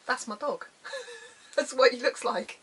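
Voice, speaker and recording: Speaking slowly in a high, slightly bright voice with big swings in pitch, a middle-aged UK crafting vlogger talks casually through her crafts. The recording is low quality with a little background noise, and she tends to put herself down, trail off, and begin again.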